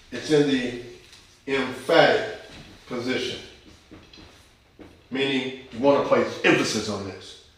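Echoey preacher man teaching scripture. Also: medium pitch. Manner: emphatic, asks congregation questions. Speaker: pastor. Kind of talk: sermon with Bible teaching. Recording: echoey church hall.

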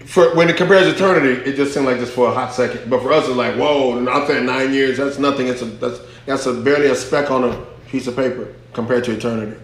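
In an echoey room, a pastor with a medium-pitched voice gives a conversational Bible lesson to his class, talking fast with hardly any pauses. He reads scripture aloud and builds into fervent emphasis.

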